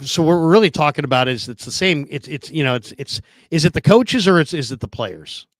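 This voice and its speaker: A man co-hosting a casual sports debate, his voice sitting a little high for a man. He argues by firing questions back and often restarts his sentences. The sound is dry and close, with no room around it. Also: lively intonation, brisk, no room sound. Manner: argumentative, questioning, many restarts. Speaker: podcast co-host.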